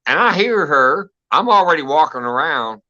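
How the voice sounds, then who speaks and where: A man's voice: on the high side, big pitch swings, moderate pace, sharp tone. A man hosting a casual live stream, telling stories with lots of laughter and swearing. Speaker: host. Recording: dull lo-fi stream audio.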